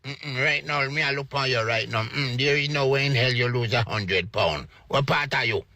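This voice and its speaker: A man's voice: mid-range voice, normal speed, bright, forceful tone, dry recording. A man dubbing a mocking Jamaican doctor. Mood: scolding. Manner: scolding, mocking, blunt. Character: blunt mocking male weight-loss doctor. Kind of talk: comedic dub.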